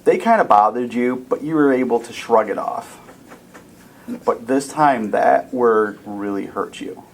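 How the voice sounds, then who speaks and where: A man's voice: medium pitch, unhurried, creaky, poor audio. A man narrating a tabletop game as dungeon master, telling the scene in vivid, dramatic detail. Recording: faint background noise.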